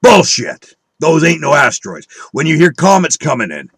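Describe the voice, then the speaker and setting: Husky, profane man ranting angrily. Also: a little high, huge pitch swings, moderate pace, a bit bright, no room sound. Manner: profane, combative, scornful, preaching to viewers. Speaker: online video speaker. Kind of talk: angry conspiracy rant.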